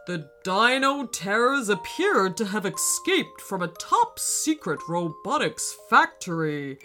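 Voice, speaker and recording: A woman's voice: medium pitch, very animated, takes it slowly, bright, forceful tone, soft background music, full character voice. A woman voicing a formal, urgent radio news announcer in a storybook reading.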